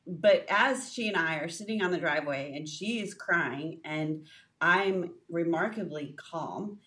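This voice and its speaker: A woman's voice: lowish voice, measured pace. Woman co-host telling stories, slightly distant. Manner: lively storytelling with frequent fillers and restarts. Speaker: podcast co-host. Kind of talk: casual faith podcast chat.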